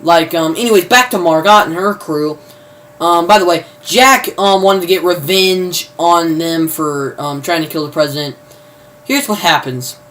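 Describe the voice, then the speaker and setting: A man's voice: on the high side, moderate pace, a bit bright. A man giving a casual, rambling plot recap, full of fillers and mild cursing. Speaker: video reviewer.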